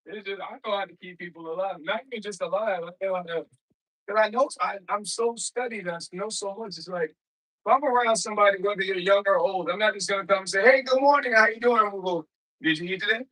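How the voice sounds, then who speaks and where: High, bright-voiced man rambling on a livestream. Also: fairly even intonation, quick pace, low-quality recording. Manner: rambling, talks straight to viewers in chat; loose, slangy everyday speech. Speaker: livestream host. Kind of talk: casual livestream chat.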